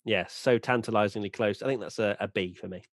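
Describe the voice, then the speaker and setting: A man's voice: lowish voice, fast, dry recording, clean studio sound. A British man hosting a casual podcast chat, leading the talk and teasing his co-hosts. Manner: lively, teasing, leads the grading. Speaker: podcast host.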